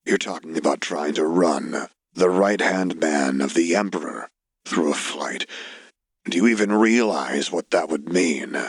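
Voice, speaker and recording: A man voicing a weary, grieving uncle with a husky, tired, quiet voice. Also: very deep voice, unhurried, no room sound, studio quality, full character voice. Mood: weary, resigned. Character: weary, grieving middle-aged male farmer uncle.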